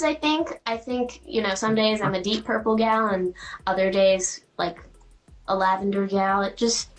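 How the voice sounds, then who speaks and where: A woman's voice: medium pitch, low-quality recording. Giggly teenage girl actress. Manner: giggly, chatty with many fillers. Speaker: guest actress. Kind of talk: casual interview answers.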